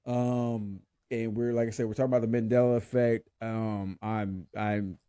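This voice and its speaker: A man's voice: fairly low pitch, flat delivery, normal speed, hardly any pauses, dark tone, clear, resonant tone, dry recording. A man hosting a casual podcast chat, exasperated and rambling, often repeating himself. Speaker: podcast host.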